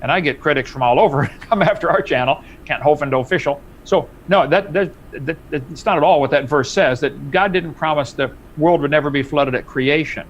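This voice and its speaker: A man's voice: a little high, highs cut off, slight background noise. A man arguing emphatically in a live-stream debate, his voice jumping up when he presses a point. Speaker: debate guest.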